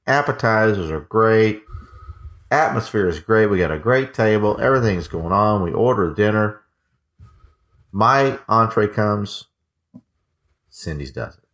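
A man's voice: lowish voice, animated, unhurried, long pauses, a bit bright. A man co-hosting a casual podcast, telling a rambling story with lots of restarts and acted-out dialogue. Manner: rambling, restarts, acts out both sides of dialogue. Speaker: podcast co-host.

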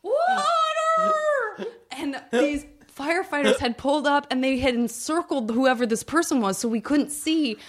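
A woman's voice: high-pitched, normal speed, hardly any pauses, slight background noise. A female comedian guest in casual podcast chat, telling a story with hesitant, self-interrupting starts.

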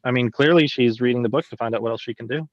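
A man's voice: mid-range voice, racing, no room sound, lo-fi sound. A man co-hosting a casual podcast chat, rambling with lots of fillers and pushing back on the others. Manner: rambling, filler-heavy, argumentative. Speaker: podcast co-host. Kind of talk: casual chat reviewing a series.

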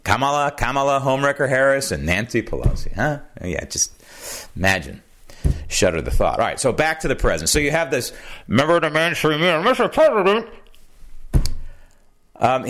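Animated, sarcastic male political commentator. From United States. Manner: animated, sarcastic, swings pitch for emphasis. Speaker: podcast host.

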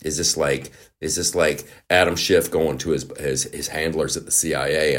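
A man's voice: a bass voice, fairly even intonation, moderate pace, hardly any pauses, fairly bright tone, a little hiss or hum. A man hosting a podcast, delivering a profane, sarcastic comedic rant. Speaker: podcast host.

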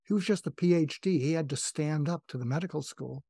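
An older man from New England, appearing as a psychiatrist guest, candidly tells personal stories in an earnest, reflective, self-revealing way. His voice is fairly high, warm and husky, and brisk, recorded close and dry with no room sound.

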